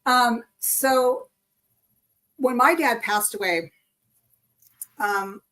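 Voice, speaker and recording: A woman hosting a live spiritual chat stream, telling a personal story in an animated way. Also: a little high, very slow. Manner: animated storytelling, acts out quoted speech. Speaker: host. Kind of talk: casual chat.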